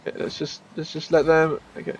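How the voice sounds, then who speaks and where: A man giving casual gameplay commentary as a streamer, chatty and self-mocking, with bursts of excited shouting. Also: on the high side, a little fast, muffled recording, slight background noise.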